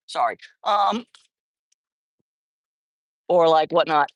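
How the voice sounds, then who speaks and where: A woman's voice: mid-range voice, lively intonation, normal speed, a bit bright, dry recording. A woman chatting casually on a livestream while feeding street cats, rambling and often correcting herself. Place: outdoors at a street cat feeding spot.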